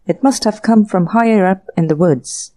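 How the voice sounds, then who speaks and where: A woman's voice: medium pitch, normal speed, dark tone, close to an everyday voice. A woman narrator voicing an earnest young man who is flustered but insists on what he heard, in a storybook reading. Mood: insistent, flustered. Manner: insistent, apologetic.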